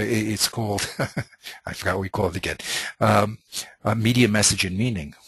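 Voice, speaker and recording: A man's voice: on the low side, fairly bright tone, breathy edge, no echo. A man teaching a Talmud class in an informal lecture style, thinking aloud with many restarts and Hebrew and Yiddish terms.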